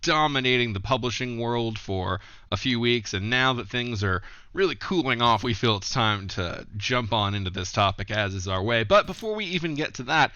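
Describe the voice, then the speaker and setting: A man's voice: medium pitch, moderate pace, few pauses, clean tone, dry recording. A man hosting a podcast, introducing guests and chatting casually and with laughter. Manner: laughing, relaxed rambling. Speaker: podcast host. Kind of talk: casual group chat. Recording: dull lo-fi sound.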